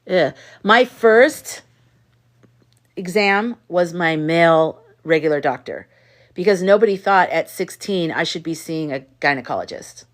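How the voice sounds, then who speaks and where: A woman's voice: on the low side, animated, unhurried. A woman hosting a casual livestream, telling candid stories with an exasperated edge and reading viewers' comments aloud. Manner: candid storyteller who reads chat comments aloud; outspoken and exasperated in anecdotes. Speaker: livestream host. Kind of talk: casual live chat with viewers.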